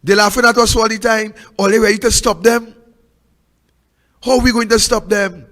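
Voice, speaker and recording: A man with a Trinidadian accent hosting a political talk show, preaching impassioned commentary with repeated rhetorical questions, swinging from loud to hushed. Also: high-pitched, fairly even intonation, moderate pace, big-room sound.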